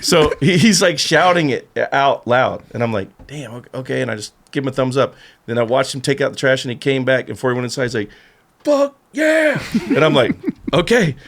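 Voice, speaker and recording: A man's voice: mid-range voice, quick pace, fairly bright tone. A man as a podcast guest, telling a story in casual chat, acting out quotes and laughing often.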